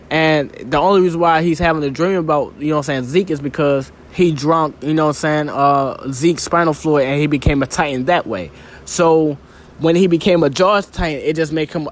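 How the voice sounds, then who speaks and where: A young man giving a casual, rambling and profane manga review, full of filler phrases. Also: a little high.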